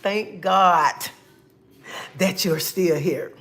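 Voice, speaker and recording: A woman's voice: on the low side, drawn-out words, fairly bright tone. A woman hosting her own livestream, greeting viewers by name and talking casually about faith and her life. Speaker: livestream host.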